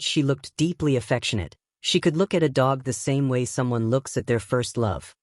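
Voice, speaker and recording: A man reads a first-person tale in a steady, wry voice, pitched in the middle for a man. The sound is close and dry, with no room behind it. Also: dry recording. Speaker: narrator. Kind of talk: first-person story narration.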